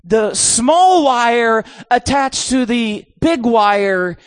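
High-voiced male preacher telling a story. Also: very slow, no room sound, studio quality. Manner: animated storytelling, comic. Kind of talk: sermon.

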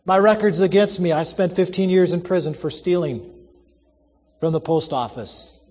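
A man reading the part of a kindly old convict who talks in a gentle, pleading, resigned way. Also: high voice, moderate pace, long reverb tail, pitched above the performer's own voice. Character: kindly self-sacrificing old male convict.

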